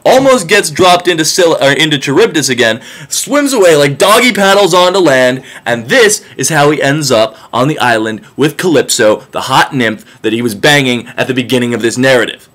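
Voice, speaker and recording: A man's voice: fairly high pitch, lively intonation, a little fast, hardly any pauses, a bit bright. A man narrating a myth in a casual, sarcastic and profane comic retelling.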